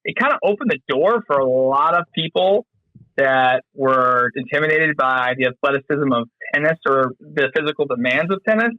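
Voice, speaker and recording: A man's voice: mid-range voice, normal speed, dry recording, dull audio. A man from North Carolina, a podcast guest, chatting casually and rambling with plenty of fillers and restarts. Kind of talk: casual interview chat.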